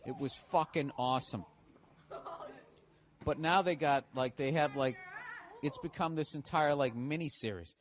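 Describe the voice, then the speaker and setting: A man's voice: mid-range voice, moderate pace, long pauses, a little hiss or hum. A middle-aged man, hosting a podcast in a profane, ranting monologue that breaks into laughter. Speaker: podcast host. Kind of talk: casual monologue.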